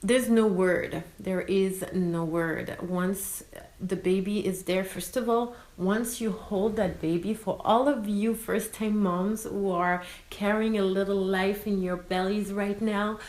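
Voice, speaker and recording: In an echoey room with poor audio, a French-accented mother in her thirties talks to her vlog viewers at a measured pace in a medium-pitched voice. Originally from France, she chats casually and expressively, slipping French words into her speech.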